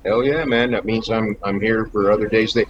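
A man's voice: lowish voice, fairly even intonation, brisk. Guy rambling thru his acting stories, lotsa uhs, kinda muffled lo-fi audio. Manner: laughing, rambling, frequent fillers. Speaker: actor guest. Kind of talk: casual interview storytelling. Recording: dull lo-fi with faint noise.

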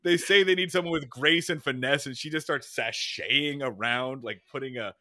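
A man co-hosting a casual podcast chat, recapping a TV episode in a lively, swearing way. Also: mid-range voice, moderate pace, dry recording, clean studio sound. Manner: animated, swearing, recapping scenes. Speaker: podcast co-host.

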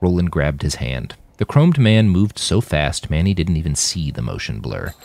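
A man narrating his own fiction with an expressive reading. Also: extremely low pitch, normal speed. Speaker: author and narrator.

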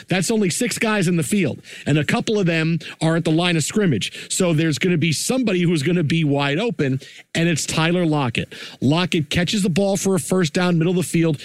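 A man hosting a sports show, breaking down plays and telling stories in an animated, conversational way. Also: on the high side, dry recording. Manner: animated, conversational, filler-heavy. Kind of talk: casual game breakdown and storytelling.

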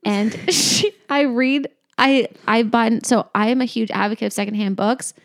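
A woman's voice: fairly high pitch, normal speed. A young woman co-hosting a podcast in casual chat, rambling and laughing often. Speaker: podcast co-host.

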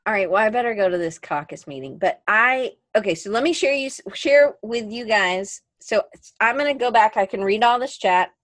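Animated woman hosting a chat show. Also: mid-range voice, moderate pace, dry recording, clean studio sound. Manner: animated, acts out her own reactions. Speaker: podcast host. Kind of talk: casual live-stream chat.

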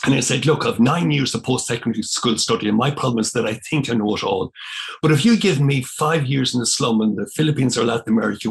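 An older priest from Ireland tells a long personal story in conversation, his voice showing vocal fry. He gets animated, and his pitch rises whenever he quotes himself.

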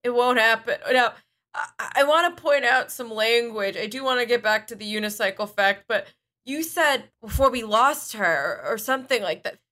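A woman's voice: a little high, sharp tone. A woman playing a clueless, self-centered podcast host who rambles with lots of fillers in an improvised comedy podcast. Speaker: podcast host playing a true crime dummy.

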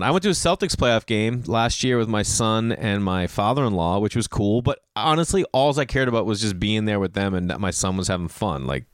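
A man in his thirties from Boston, talking casually as a host answering a listener, jumping into excited outbursts. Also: dry recording, studio quality. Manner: animated, swings pitch into excited outbursts. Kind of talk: casual rambling monologue.

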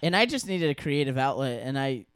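A man co-hosting a podcast in relaxed, casual chat. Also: mid-range voice, fairly quick, clear, resonant tone, no room sound, clean studio sound. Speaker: podcast co-host.

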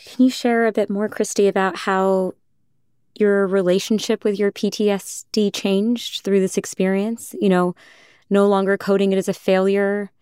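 A woman hosting a podcast, speaking gently and reflectively, affirming and questioning her guest. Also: mid-range voice, flat delivery, normal speed, smooth, dry recording, studio quality. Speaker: podcast host. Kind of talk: empathetic interview talk.

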